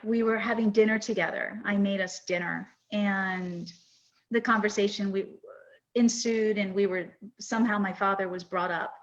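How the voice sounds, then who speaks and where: A woman's voice: medium pitch, fairly even intonation, normal speed. A woman in her fifties hosting a podcast, telling a personal story in an earnest, reflective and emotional way. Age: 50s. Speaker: podcast host. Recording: dull lo-fi sound.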